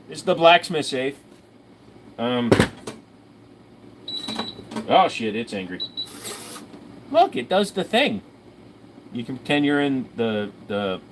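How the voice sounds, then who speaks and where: A man's voice: medium pitch, a little hiss or hum. A man with a Southern US accent hosting a firearms livestream in a rambling, profane, self-mocking casual chat. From Virginia, US.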